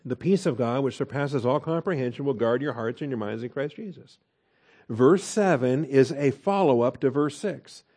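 A man teaches scripture verse by verse in a mellow, darker voice. He keeps asking his listeners questions and slows down to stress key words. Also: fairly high pitch. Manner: asks rhetorical questions, stresses words slowly. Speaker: Bible teacher. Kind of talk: expository Bible teaching.

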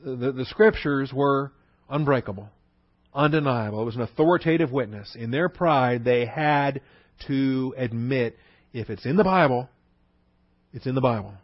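A man teaching a Bible lesson in a conversational way, repeating phrases for emphasis and slowing down to spell out words. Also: medium pitch, no room sound. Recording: dull, dry lo-fi recording.

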